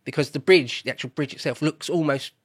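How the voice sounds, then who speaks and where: He has a high-ish voice with a breathy edge and a brisk pace. As host of a casual podcast conversation, he rambles in a chatty way and often stops to correct himself.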